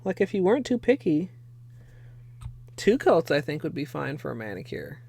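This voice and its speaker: A woman's voice: deep voice, sing-song, moderate pace, gravelly, dark tone, slightly rough. A young woman casually chatting on a livestream while painting her nails, swearing freely and laughing often. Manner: chatty and profane, laughs often, thanks viewers. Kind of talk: casual livestream chat while doing a manicure.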